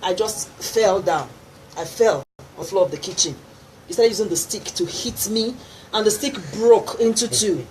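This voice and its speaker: A middle-aged Nigerian gospel singer, speaking at normal speed in a medium-pitched, darkish voice, tells an animated testimony on radio. Along the way she laughs and imitates the people in her story. The studio audio is poor, carrying faint background noise.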